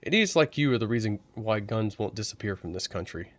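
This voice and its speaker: A man's voice: on the low side, expressive, a little fast. A man playing a stern lecturing armory sergeant.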